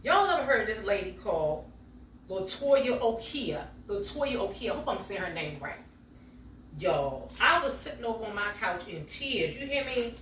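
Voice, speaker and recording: A middle-aged woman bakes in her home kitchen and chats casually with her viewers, calling them y'all. Her mid-range voice is sing-song, pushed and bright, at a normal speed. The mic sits far off in an echoey kitchen, with slight background noise.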